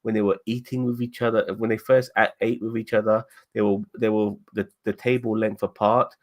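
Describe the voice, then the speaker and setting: A man's voice: on the low side, little pitch movement, darkish tone. A man co-hosting a live review, talking emotionally and stumbling over restarts. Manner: emotional, halting with many restarts. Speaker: podcast co-host.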